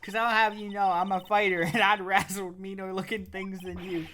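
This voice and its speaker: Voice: mid-range voice, little pitch movement, moderate pace, a bit bright, slight background noise, lightly acted. A streamer voicing a brash, feisty Southern country woman photographer from a game, with a put-on Southern drawl and folksy talk. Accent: put-on American Southern drawl. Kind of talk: reading game dialogue aloud on stream.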